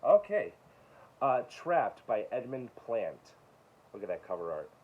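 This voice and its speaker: Low-pitched male vlogger, casual show-and-tell of books, offhand asides, dull home recording. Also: lively intonation. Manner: reads titles aloud with quick asides, chuckles. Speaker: book collector vlogger.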